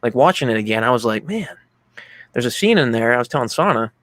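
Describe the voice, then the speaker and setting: A man's voice: mid-range voice, animated, fast talker, a bit bright, no echo. A man from Pennsylvania co-hosting a casual movie chat, rambling through a heartfelt story with many fillers. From Pennsylvania, USA. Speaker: podcast co-host.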